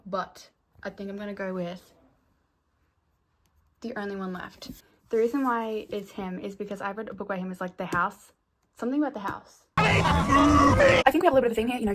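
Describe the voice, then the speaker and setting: A woman's voice: medium pitch, a little mellow, slight background noise. A nineteen-year-old woman chatting casually to camera as a book vlogger, rambling with giggly asides.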